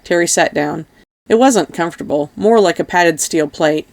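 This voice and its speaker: A woman reading an audiobook in a steady, even narration. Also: lowish voice, moderate pace, gravelly. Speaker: audiobook reader.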